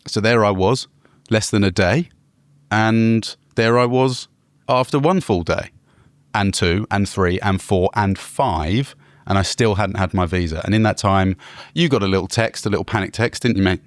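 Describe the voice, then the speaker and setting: An Englishman co-hosting a podcast in relaxed banter, his voice sitting low. He teases his co-partner playfully, and the recording is dry and close, with no room sound. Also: normal speed, no echo. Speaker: podcast co-host. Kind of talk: casual chat.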